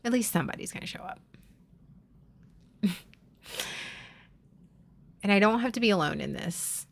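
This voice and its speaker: Candid woman streamer, halting and heartfelt. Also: mid-range voice, expressive, gravelly. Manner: halting, heartfelt, often restarts mid-sentence; confiding, swears casually. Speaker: live streamer. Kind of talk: candid live-stream chat with viewers.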